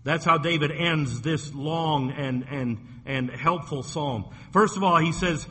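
A man's voice: fairly high pitch, a little slow, few pauses, sharp tone. A man preaching a sermon as pastor, earnest and given to repeating his words. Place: church sanctuary. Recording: echoey hall, faint background noise.

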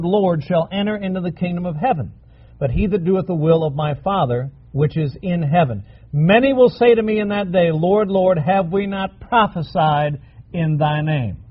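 A man's voice: sits high, lo-fi sound. A male preacher giving a sermon, emphatic and repeating key phrases for stress.

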